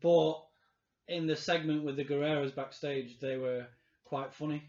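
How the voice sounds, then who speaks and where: A man with a Yorkshire accent co-hosting a casual chat, halting and opinionated, often restarting. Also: fairly high pitch, fairly even intonation, a little mellow. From England. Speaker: podcast co-host. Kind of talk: casual chat reviewing wrestling. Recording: roomy, slightly dull sound.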